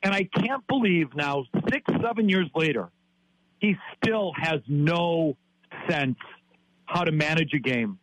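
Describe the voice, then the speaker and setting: A man in his fifties, from Wisconsin, delivers an exasperated sports-talk rant, repeating himself as he goes. His voice sits high and comes out husky. The sound is dry and close. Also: expressive, a little slow, dry recording, low-quality recording. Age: 50s.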